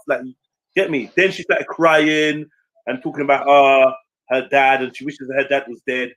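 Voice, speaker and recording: A man, telling a story in casual chat, animated and slangy, swearing freely and acting out what others said. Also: medium pitch, moderate pace, rough recording. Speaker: stream panelist.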